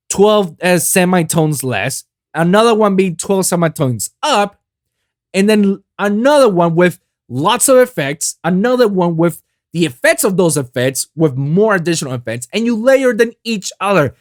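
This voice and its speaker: Podcast host dude just rambling casual, curses a lot, voice bounces all over, super dry room. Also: male voice, high voice, dry recording. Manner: animated, loose and profane, repeats "I kid you not". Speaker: podcast host and music producer. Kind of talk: casual solo podcast talk. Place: lives in South Florida.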